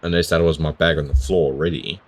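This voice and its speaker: Very deep-voiced man playing a game. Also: steady tone, fast. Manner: reads game text aloud, bemused asides. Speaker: gamer. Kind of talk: let's play commentary.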